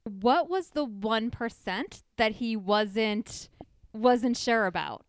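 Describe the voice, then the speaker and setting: A woman's voice: a little high, expressive, takes it slowly, smooth, no echo. A woman hosting an interview, asking curious questions and reacting with encouragement. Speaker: interviewer host. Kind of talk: conversational interview.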